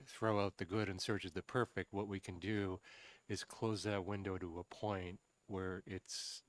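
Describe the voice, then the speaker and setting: Deep voiced committee guy, measured, kinda thinking out loud. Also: no room sound. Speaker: committee member. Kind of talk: legislative committee discussion. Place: state house committee room.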